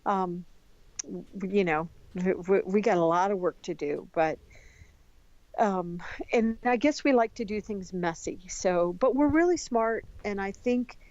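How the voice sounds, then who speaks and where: A woman from the United States, a podcast guest, talking in an animated, chatty way with many restarts. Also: medium pitch, a little slow, no echo, dull audio. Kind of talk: casual conversation.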